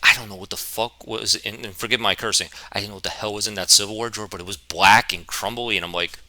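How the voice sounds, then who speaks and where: Bright-voiced young man telling a story. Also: on the low side, fast, hardly any pauses, no echo. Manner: rambling, animated, self-mocking. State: a bit out of breath. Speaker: vlogger. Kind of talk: storytime vlog.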